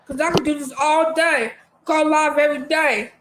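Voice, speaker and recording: A woman's voice: high-pitched, steady tone, normal speed, hardly any pauses, slight background noise, low-quality recording. A woman ranting on a livestream, defiant and repeating herself. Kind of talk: livestream rant.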